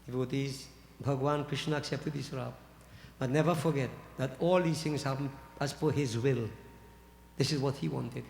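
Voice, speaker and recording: A man, a pandit telling a scripture story in a sermon, animated and addressing listeners as devotees. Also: fairly high pitch, normal speed, vocal fry, slight background noise. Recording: echoey hall reverb.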